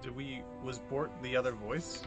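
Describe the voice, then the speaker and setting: A man playing a tabletop game, laughing often and playing his character deadpan. Music plays behind. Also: mid-range voice, normal speed. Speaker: player. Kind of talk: casual tabletop game chat.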